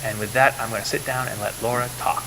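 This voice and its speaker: A man's voice: mid-range voice, fairly even intonation, quick pace. A man introducing a guest preacher at a church service, earnest and enthusiastic, stumbling over a few fillers. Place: church sanctuary. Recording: reverberant church hall, faint hiss.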